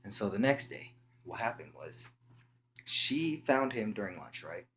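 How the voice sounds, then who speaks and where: A young man telling a story in a casual, slangy way, halting often and restarting his sentences. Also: lowish voice, sing-song, fairly bright tone. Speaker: vlogger.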